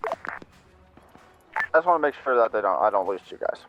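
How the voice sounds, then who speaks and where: A man's voice: on the low side, very animated, a little slow, dull audio, music in the background. A man leading a squad in a military game, reporting over radio in a careful, hesitant way. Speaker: squad leader. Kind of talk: radio tactical chatter. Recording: voice chat over noisy game audio.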